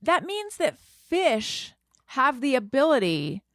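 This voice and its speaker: A woman co-hosting a podcast in casual chat, animated and quick with jokes. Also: high voice, no room sound, studio quality. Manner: animated, laughing, quick asides. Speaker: podcast co-host.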